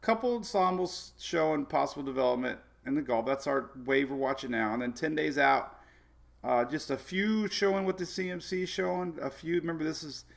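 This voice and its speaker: A man's voice: fairly high pitch, brisk, gravelly. A man hosting a casual live weather show, rambling and chatty with many fillers and frequent laughs.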